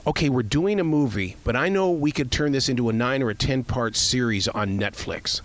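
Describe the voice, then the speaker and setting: A man's voice: mid-range voice, animated. A man hosting an interview, asking questions and praising his guest's film. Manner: effusive, quick to praise.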